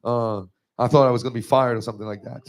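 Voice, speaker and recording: A man delivers a personal testimony sermon at church, speaking with emotion in a steady tone at a quick pace. When moved, his voice climbs to a high, strained pitch.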